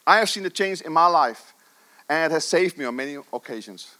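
A man's voice: a little high, animated, brisk, pushed and bright. A middle-aged man preaching a sermon with passion, stressing his points and repeating phrases for emphasis.

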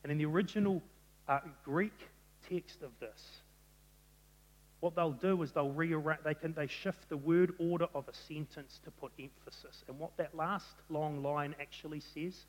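A man preaching a sermon, telling the story in an animated way and acting out the quotes. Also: on the high side, moderate pace, dull audio. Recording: long reverb of a large hall.

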